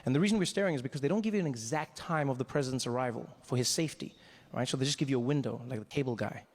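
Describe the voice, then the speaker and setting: A man from Africa telling a story on stage as a stand-up comedian, animated and acting out scenes. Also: mid-range voice, racing.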